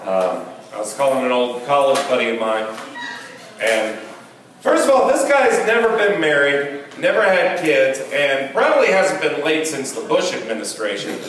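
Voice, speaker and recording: A man's voice: mid-range voice, moderate pace, slight background noise. A young man doing a stand-up comedy set, telling stories and acting out the people in them. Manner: animated storytelling, acting out quoted people. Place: comedy venue. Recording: roomy echo from a distance.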